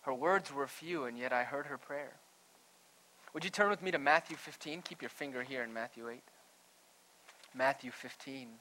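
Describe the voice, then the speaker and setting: A male pastor preaching a sermon, going from hushed, slow lines to loud, emphatic ones. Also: medium pitch, slight background noise, poor audio.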